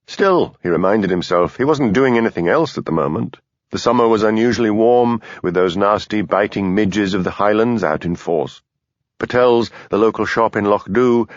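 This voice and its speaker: Brief: low-voiced male narrator, animated mystery reading, dry muffled studio sound. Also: dry recording. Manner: lively, expressive reading. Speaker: audiobook narrator. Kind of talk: scripted narration.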